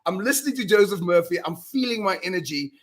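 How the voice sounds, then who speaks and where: A man talking as a guest in a casual interview, telling animated stories and acting out his own self-talk, often restarting words. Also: sits high, fast talker. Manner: animated storyteller, repeats words when restarting. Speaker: podcast guest, mindset coach.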